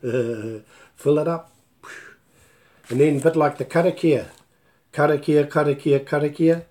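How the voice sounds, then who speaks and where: A man's voice: mid-range voice, warm tone. A man with a New Zealand accent giving a casual live online language lesson through a laptop mic, chatty and storytelling, mixing in Māori words. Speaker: te reo Māori tutor. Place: at home on a live video stream. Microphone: laptop microphone.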